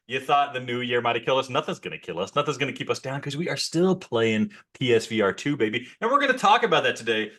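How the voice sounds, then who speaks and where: A man's voice: mid-range voice, sing-song, fast, hardly any pauses, bright, forceful tone. A man hosting a casual podcast over a call, opening with playful hype and teasing his co-host. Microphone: remote call mic.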